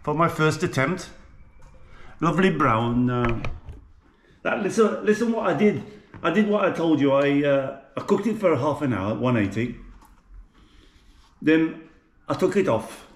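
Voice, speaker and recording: Man, Birmingham accent, home cook vlogging, chatty and self-mocking, a bit high-pitched, echoey kitchen with faint pan clatter. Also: lively intonation, a little slow, long pauses, slight background noise. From Birmingham, England. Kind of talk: casual cooking vlog.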